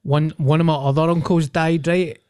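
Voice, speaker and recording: A man's voice: a little high, steady tone, moderate pace, a little mellow, clean tone, dry recording, clean studio sound. A Scottish man co-hosting a podcast, telling blunt, sweary family stories in casual chat. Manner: blunt, sweary, laughs through his stories. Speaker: podcast co-host. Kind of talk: casual banter.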